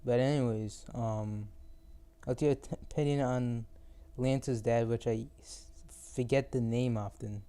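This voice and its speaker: Mellow teenage host, rambling. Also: male voice, medium pitch, steady tone, a little slow, clean tone. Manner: rambling, teasing, loses his thread. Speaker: podcast host. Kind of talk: casual chat.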